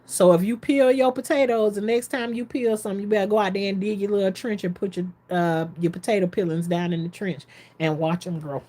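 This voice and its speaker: A woman vlogging in a casual, excitable storytelling style, rambling between topics and talking straight to her viewers. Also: medium pitch, fairly quick. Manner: chatty, folksy, addresses viewers directly.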